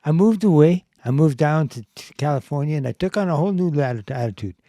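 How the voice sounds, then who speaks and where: A man doing an impression of a gruff, hotheaded brother of a movie star. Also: a little high, expressive, fast, warm tone, no room sound, clean studio sound. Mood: blustering. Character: hotheaded male movie star's brother from Boston.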